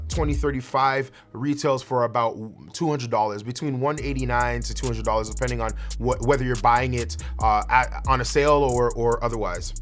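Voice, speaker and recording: A young man from Canada talking casually into a close studio mic, reviewing microphones with a hyped-up show intro. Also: mid-range voice. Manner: energetic, hyped show intro with rising shouts. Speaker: YouTube creator testing microphones. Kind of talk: casual gear review to camera.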